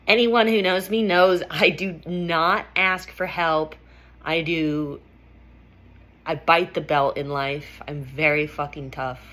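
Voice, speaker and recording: A woman's voice: deep voice, steady tone, takes it slowly, a bit bright. A woman vlogger telling a personal story in a candid, emphatic way, swearing freely.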